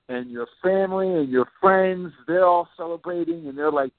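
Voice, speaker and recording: A man host leading a guided visualization, slow, soothing and encouraging. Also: a little high, dry recording. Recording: tinny phone-like line.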